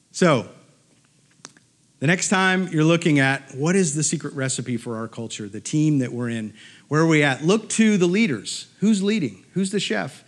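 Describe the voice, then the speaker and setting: Casting: middle-aged male storyteller, slightly high voice, lively and animated, acts out the voices of people in his story. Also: normal speed. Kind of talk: live storytelling talk. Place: stage in a storytelling venue.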